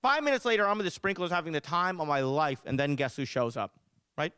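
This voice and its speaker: A man in his thirties doing an animated stand-up set as host of a charity show. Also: a little high, quick pace, smooth, no room sound, clean studio sound. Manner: animated, exaggerated storytelling. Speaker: comedian and event host.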